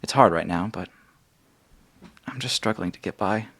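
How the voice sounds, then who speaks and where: A man's voice: fairly low pitch, a bit bright, husky. Man doing a hesitant, struggling shopkeeper woman. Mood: worried. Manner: hesitant, halting.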